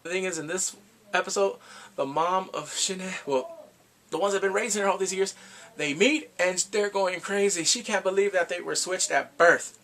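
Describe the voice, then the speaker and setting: A man giving a rambling, excitable casual recap of a TV drama, reacting with gasps and quoted asides. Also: sits high, moderate pace. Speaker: drama reviewer.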